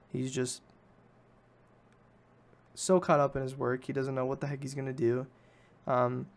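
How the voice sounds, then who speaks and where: A man hosting a podcast, recapping a film in a rambling, casual way and often correcting himself. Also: mid-range voice. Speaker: podcast host.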